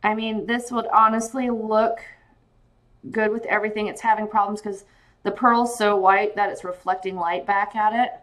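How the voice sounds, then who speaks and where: A woman hosting a casual live-stream jewelry sale, excitable and gushing, calling out viewers by name and sounding giddy and tired late at night. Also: medium pitch, moderate pace.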